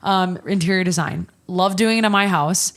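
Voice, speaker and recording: A woman hosts a podcast in casual, candid chat, dropping swear words without a second thought. Her voice sits a bit low for a woman, and she talks with lively energy. She has a slight case of the hiccups. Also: moderate pace. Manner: candid and animated, swears freely. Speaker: podcast host.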